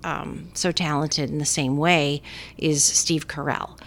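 A woman's voice: deep voice, steady tone, takes it slowly. A woman co-hosting a casual movie chat, talking enthusiastically with many fillers. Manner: chatty, filler-heavy, enthusiastic. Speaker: movie talk co-host.

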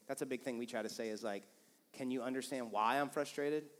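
Animated preacher in a reverberant hall. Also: male voice, medium pitch, a little fast. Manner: casual, animated, acts out quoted lines. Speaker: pastor. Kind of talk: sermon with couple's banter. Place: church auditorium. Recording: long reverb of a church hall.

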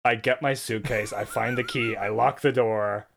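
A man in casual podcast chat, telling a story with lots of animation. He swoops up into high, strained voices when he quotes himself and laughs often. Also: fairly even intonation, moderate pace, gravelly, a little hiss or hum. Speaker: podcast co-host.

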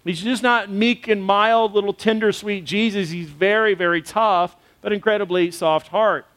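High-voiced man preaching conversationally. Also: steady tone, normal speed, fairly bright tone. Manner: conversational preaching with fillers and rhetorical questions. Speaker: pastor. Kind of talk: sermon.

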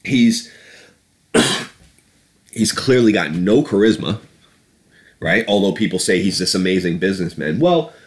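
A man hosting a podcast, ranting about politics in a fast, heated and sarcastic way, swearing freely. His voice sits fairly low. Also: animated. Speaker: podcast host. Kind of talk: casual political rant.

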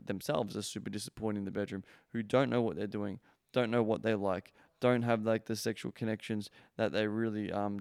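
A man's voice: lowish voice, creaky, a little mellow, smooth, dry recording, clean studio sound. A young adult man hosting a podcast, giving casual advice in a blunt, profane way with lots of fillers. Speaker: podcast host.

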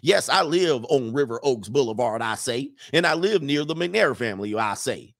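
A man's voice: medium pitch, lively intonation, normal speed, vocal fry, a bit bright. A man putting on a Southern-accented cartoon rooster voice, drawling and stammering "I say" as he reads quotes. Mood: blustering.

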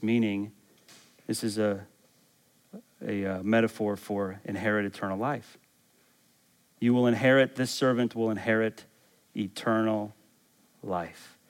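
A man who is a pastor, preaching a sermon in an emphatic way, reading scripture aloud and putting questions to his listeners. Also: on the low side. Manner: emphatic, rising to excited exclamations.

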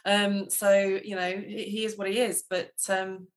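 A woman's voice: mid-range voice, level tone, measured pace. Enthusiastic woman co-host. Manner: enthusiastic, hesitant with fillers. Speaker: podcast co-host. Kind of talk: casual chat.

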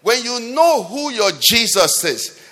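Pastor preaching, high voice. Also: male voice, very animated, slow, sharp tone. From Nigeria. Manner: emphatic, rhetorical questions to the congregation. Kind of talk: sermon. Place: church hall. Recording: long hall reverb.

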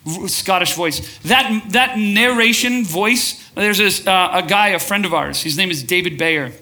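A pastor preaches to a live congregation in a high-pitched, sharp voice at an unhurried pace. Passionate and restless, he often asks the crowd for a show of hands and restarts phrases as he builds momentum.

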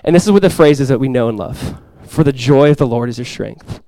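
A male pastor preaching a sermon to his congregation, swinging from loud, impassioned lines to quiet, soft ones. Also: mid-range voice, lively intonation, brisk, creaky, no echo. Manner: impassioned preaching, swells loud for quoted cries then drops soft. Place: church sanctuary before a congregation.

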